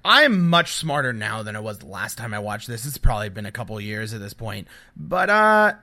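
A man with a bright, forceful voice co-hosts a casual podcast. He rambles in a dismissive tone and leans on "I mean" and "like" while he gathers his thoughts. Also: on the low side, sing-song, moderate pace. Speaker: podcast co-host.

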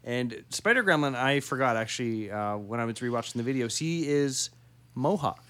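A man's voice: mid-range voice, lively intonation, a bit bright, dry recording. Rambling podcast co-host, a man. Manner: rambling, halting, laughs often. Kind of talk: casual podcast chat.

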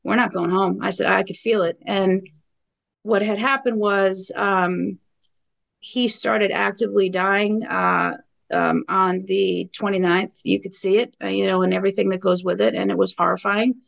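Gravelly new lady, middle-aged, telling it blunt and emphatic with lots of ums. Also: medium pitch, fairly even intonation, moderate pace, rough recording. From New York. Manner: blunt, emphatic storytelling with repeated phrases and fillers. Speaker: guest. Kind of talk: personal account in a podcast interview.

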